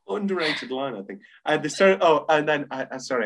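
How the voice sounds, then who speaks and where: A man hosting a casual film podcast, talking in an animated way and often stumbling over restarts as he quotes lines. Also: fairly high pitch, a little slow, pauses often. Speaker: podcast host.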